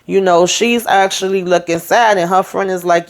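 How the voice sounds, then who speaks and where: A woman's voice: fairly low pitch, steady tone, moderate pace, hardly any pauses. A woman hosting a casual TV episode recap, retelling scenes in a sassy, chatty way with asides to her viewers. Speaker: TV recap host.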